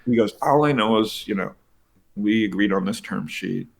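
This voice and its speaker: A middle-aged man, a venture investor, telling stories casually in an interview, animated and profane, acting out the people he quotes. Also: on the low side, normal speed, gravelly.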